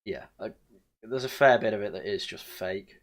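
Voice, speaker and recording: A man's voice: fairly low pitch, normal speed. A man chatting casually on a podcast, rambling and teasing, with frequent restarts. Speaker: podcast co-host.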